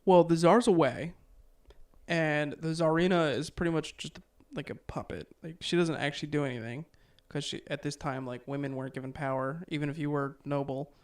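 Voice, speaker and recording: Podcast host, male, fairly high voice, loose and rambling storyteller. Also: fairly quick. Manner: relaxed, filler-heavy, chuckles often. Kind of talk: casual storytelling from notes.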